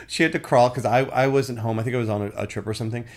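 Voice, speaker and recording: A man in his thirties, a stand-up comedian, telling stories animatedly in casual conversation. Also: medium pitch. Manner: fast, animated storytelling with laughs. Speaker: comedian guest.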